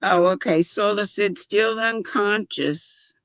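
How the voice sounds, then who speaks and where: A woman's voice: medium pitch, slow pace, dry recording, muffled recording. An older woman hosting a casual livestream from home, chatting with viewers and greeting each one by name. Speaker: livestream host.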